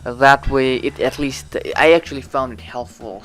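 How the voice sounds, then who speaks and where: A man's voice: mid-range voice, steady tone, normal speed, a bit bright. Rambling man coaching gym exercises. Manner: rambling, many restarts and self-corrections. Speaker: fitness vlogger. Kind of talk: casual workout instruction.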